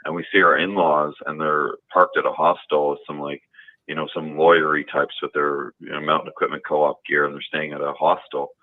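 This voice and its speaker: A man with an extremely low, booming voice calls in to a talk show and tells his story. He rambles, with plenty of fillers and restarts. His voice comes through a thin, tinny phone line. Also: little pitch movement, a little fast. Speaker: caller. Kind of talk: telling a personal story on a call-in show.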